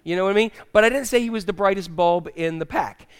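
Speaking fast, a male pastor delivers a laid-back, funny sermon, regularly poking fun at the congregation. He has a smooth, clear voice pitched fairly high for a man.

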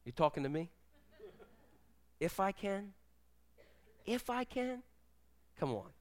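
A man putting on a tough-guy film actor's voice to play Jesus, lower and quieter than his own. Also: big pitch swings, takes it slowly, heavily acted. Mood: incredulous. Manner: mocking impression of a famous actor.

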